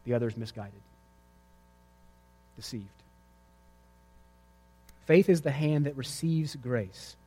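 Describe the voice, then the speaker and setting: A man's voice: medium pitch, expressive, slow pace, pauses often, dark tone, husky, long reverb tail. A male pastor preaching a sermon to his congregation, telling a vivid story and driving his points home with emphatic repetition. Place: church sanctuary before a congregation.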